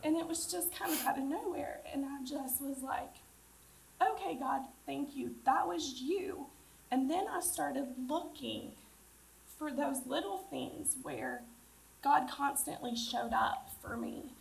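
A woman sharing a personal testimony at church, halting, with frequent ums. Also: high voice, big pitch swings, vocal fry. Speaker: church member giving testimony. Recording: distant voice over loud music.

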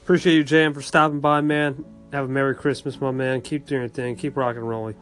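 A man hosting a casual podcast reads call-ins, thanking callers with friendly, repeated sign-offs. His medium-pitched voice is level, a bit bright and fast, with soft background music.

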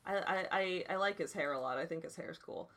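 A woman in her twenties hosts a casual chat and reads articles aloud, animated and chatty with lots of "like" and "dude." Her voice is lowish and brisk.

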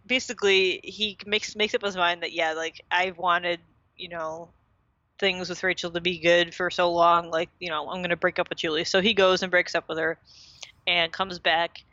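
A woman's voice: lowish voice, sharp tone, no echo, highs cut off. A woman casually recapping a TV episode as a podcast co-host, chatty and full of fillers.

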